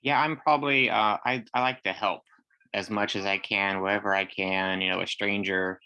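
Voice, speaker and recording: An easygoing man co-hosts a casual chat, speaking hesitantly and often restarting his sentences. His voice is very low, with a bright, forceful edge, and sounds relaxed and unhurried. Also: smooth, highs cut off. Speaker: podcast co-host.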